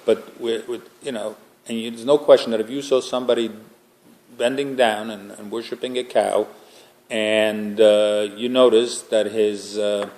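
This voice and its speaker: A man's voice: lowish voice, fairly even intonation, a little slow, a little mellow. Man teaching a casual Torah class. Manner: conversational, joking asides to the group. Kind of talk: informal religious lecture.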